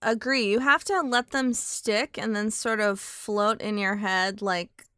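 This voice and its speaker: A woman co-hosting a casual book discussion podcast, speaking in a thoughtful, unhurried way. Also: mid-range voice, steady tone, fairly bright tone, clean tone. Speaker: podcast co-host.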